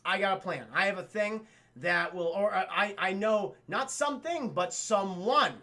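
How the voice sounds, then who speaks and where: A man's voice: high-pitched, normal speed, bright, forceful tone. A man voicing a scheming middle-aged businessman in a persuasive, conspiratorial manner. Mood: plotting.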